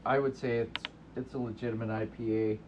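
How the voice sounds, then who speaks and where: A relaxed man with a mid-pitched voice who chuckles as he explains things at length as a guest. A clear, steady background noise runs under his voice. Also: fairly quick, dull audio. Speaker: guest homebrewer. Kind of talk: casual chat.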